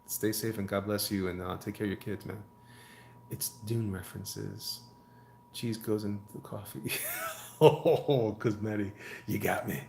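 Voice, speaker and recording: A man's voice: on the low side, steady tone, a little slow, gravelly, a little mellow, roomy sound, a little hiss or hum. A man, a comic artist, chatting casually on a live stream while he draws, reading viewer comments aloud and joking around. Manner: rambling, jokey, reads chat aloud and riffs.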